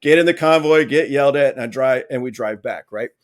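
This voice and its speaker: Guy on a podcast telling a long story, keeps saying "right?", self-mocking, medium pitch. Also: a little fast. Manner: lively, frequent "right?" asides, restarts; exasperated self-mocking humor. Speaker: podcast guest. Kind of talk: casual storytelling anecdote.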